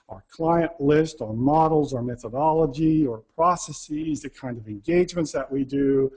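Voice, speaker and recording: A man's voice: mid-range voice, darkish tone. Man telling a self-deprecating work story. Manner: anecdotal, self-deprecating, acts out quoted dialogue. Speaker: speaker. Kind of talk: storytelling talk.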